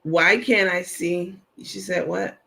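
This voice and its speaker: A man's voice: sits high, steady tone, takes it slowly, creaky, bright, forceful tone. A man hosting a casual livestream, chatting loosely and reading viewer comments aloud with plenty of fillers. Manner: chatty, rambling, many fillers. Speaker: livestream host.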